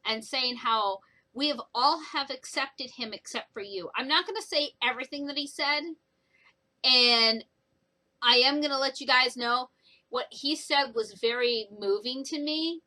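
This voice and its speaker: A young woman talks through a book she has read in a casual vlog review. Her voice is bright and sits a little high, and she retells the plot in a chatty, animated way full of exclamations. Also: unhurried, rough recording.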